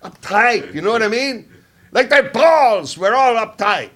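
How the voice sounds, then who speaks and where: A man's voice: a little high, sing-song, normal speed, fairly bright tone. A man playing a scheming, wisecracking old spy in an improvised comedy interview, drawling mock-confiding asides. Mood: sly. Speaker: comedian in character.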